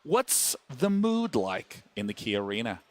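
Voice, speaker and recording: A man's voice: medium pitch, big pitch swings, unhurried, darkish tone. A man hosting a live esports panel, upbeat, passing questions to his guests. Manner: upbeat, steers talk between guests. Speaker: panel host.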